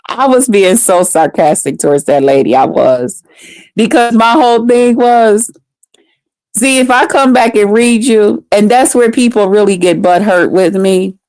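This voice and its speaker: A woman's voice: medium pitch, unhurried, darkish tone, no room sound. A woman in her fifties chatting live with her viewers. She laughs often and answers them by name. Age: 50s. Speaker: livestreamer. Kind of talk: casual live chat with viewers.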